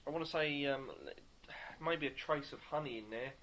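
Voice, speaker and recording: A man reviewing a beer on camera in a casual, upbeat way, pausing often to search for words. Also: a little high, a bit bright, a little hiss or hum. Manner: upbeat and enthusiastic.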